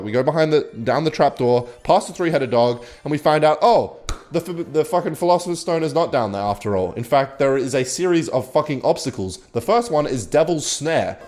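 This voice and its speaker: A man casually retelling a story in a rambling, profane way, jumping between excited bursts and low mumbled asides.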